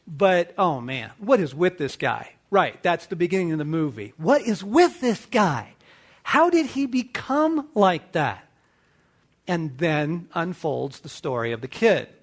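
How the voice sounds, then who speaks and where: Animated middle-aged man telling a story. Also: fairly high pitch, unhurried. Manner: animated storyteller acting out dialogue. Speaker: host. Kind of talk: casual teaching talk to men.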